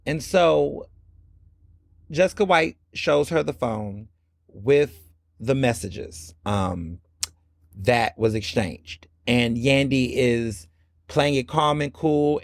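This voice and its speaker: A man hosting a podcast, recapping a reality show in casual, animated commentary and slipping into the voices of the people he quotes. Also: medium pitch, takes it slowly, vocal fry, dry recording, clean studio sound. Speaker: podcast host.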